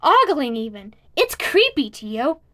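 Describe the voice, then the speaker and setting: A woman's voice: sits high, big pitch swings, takes it slowly, pushed and bright, full character voice. A woman reading the part of a jokey, somewhat nervous teenage boy in an audiobook, teasing in a wry way.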